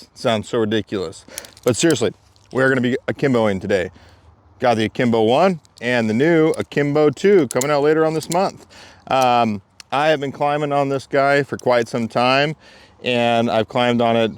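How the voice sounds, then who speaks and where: Smooth-voiced man casually reviewing climbing gear. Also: mid-range voice. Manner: chatty, explaining step by step.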